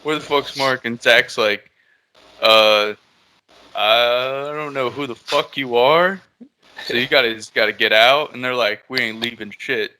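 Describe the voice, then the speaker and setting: A man's voice: medium pitch, measured pace, pushed and bright. A man casually telling a long story on a podcast, laid-back and swearing a lot.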